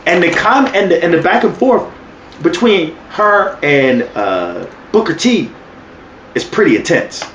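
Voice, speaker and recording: A man's voice: high voice, big pitch swings, unhurried, fairly bright tone, echoey room, dull audio, a little hiss or hum. A man co-hosting a wrestling podcast in casual chat, talking profanely and acting out quotes with laughs. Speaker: podcast co-host.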